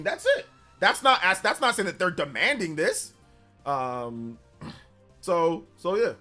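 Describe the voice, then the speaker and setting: A man's voice: sits high, bright, forceful tone. A young man hosting a casual livestream, defensively answering chat comments and repeating his point, with music playing behind him. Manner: defensive, repeats himself, argumentative. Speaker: livestream host. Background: background music.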